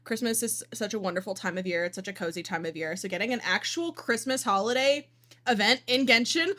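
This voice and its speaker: A woman streamer reacting to a game broadcast in an excitable, gushing way. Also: fairly high pitch, fairly quick. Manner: excitable, gushing, mock outrage.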